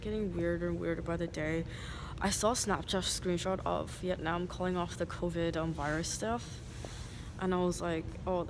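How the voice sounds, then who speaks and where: A woman rambling in a casual monologue, filling her talk with "like". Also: on the low side. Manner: rambling, many "like" fillers. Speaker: vlogger. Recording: noisy street ambience.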